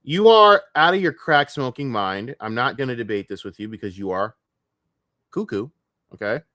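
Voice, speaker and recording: Guy streamer cussing and mocking, yells then mutters, dry close sound. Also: mid-range voice, animated, normal speed, dry recording. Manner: profane, mocking rants; shifts between shouting and muttering. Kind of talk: reaction stream commentary.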